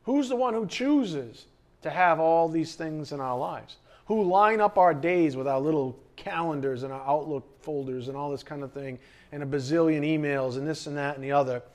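A man's voice: on the high side, moderate pace, a little mellow. A man, a pastor preaching a sermon from the pulpit, who repeats key phrases and asks the congregation rhetorical questions. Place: church, behind the pulpit.

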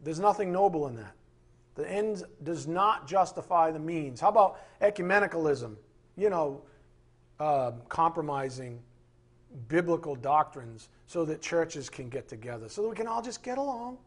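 A man's voice: on the high side, animated, moderate pace. A man pastor preaching a sermon with emphatic, impassioned delivery, acting out quoted voices along the way.

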